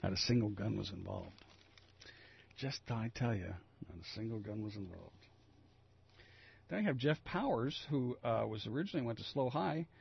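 Gravelly, raspy-voiced man talking radio. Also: medium pitch, lo-fi sound. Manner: rambling, opinionated, reads news items then riffs. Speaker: local radio host. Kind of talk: casual talk radio commentary.

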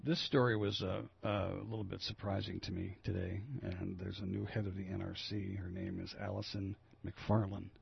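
A man's voice: low voice, little pitch movement, normal speed, vocal fry, hardly any pauses, husky, no echo, muffled recording. A man hosting a talk radio show, reading news items and riffing on them in a rambling, opinionated way. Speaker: local radio host. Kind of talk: casual talk radio commentary.

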